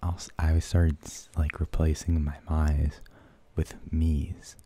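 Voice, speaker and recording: A man rambling in soft-spoken ASMR, half-whispering and hesitating as he searches for words. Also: very deep voice, level tone, takes it slowly, breathy edge. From United States. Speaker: ASMR channel host.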